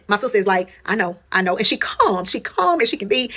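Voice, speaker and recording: A woman's voice: medium pitch, big pitch swings, fairly quick, hardly any pauses, fairly bright tone. A woman telling a personal story in casual storytime style. She talks straight to her viewers, swears freely and repeats phrases for emphasis.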